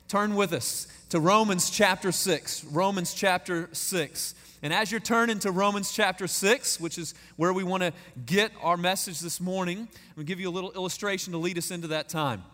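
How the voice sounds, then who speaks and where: A man's voice: high-pitched, fairly bright tone. A man in his thirties from East Texas with a Texan accent, preaching a sermon as a guest and telling stories with folksy, self-deprecating humor. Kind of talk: storytelling sermon. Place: large church sanctuary. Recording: echoey church hall reverb.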